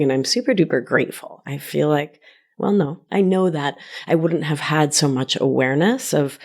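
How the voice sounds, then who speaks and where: A woman from Argentina talks through her podcast on her own, upbeat and quick to tease herself. Her voice sits on the lower side for a woman, and she laughs easily between thoughts. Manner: warm, upbeat and self-teasing, laughs easily. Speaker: podcast host and life coach. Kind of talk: solo podcast monologue.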